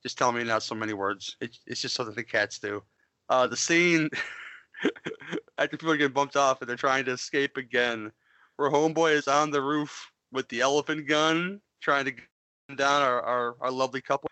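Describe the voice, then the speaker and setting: A man's voice: mid-range voice, normal speed, sharp tone, clean tone, dry recording. A man casually chatting on a podcast, rambling, joking and swearing as he reviews a film, often restarting his sentences. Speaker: podcast co-host. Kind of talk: casual movie-review chat.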